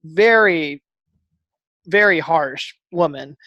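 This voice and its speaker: Lively man telling a story in a dry room. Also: fairly high pitch, takes it slowly, no room sound, lo-fi sound. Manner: animated, acts out dialogue with fillers and restarts. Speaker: podcast guest. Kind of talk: casual storytelling interview.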